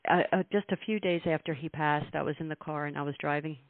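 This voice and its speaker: A woman's voice: low voice, steady tone, fast talker, no room sound. A woman hosting an interview show, telling a heartfelt personal story. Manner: warm-hearted storyteller, emotional. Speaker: talk show host. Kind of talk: interview, casual chat. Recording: tinny dry phone-like line.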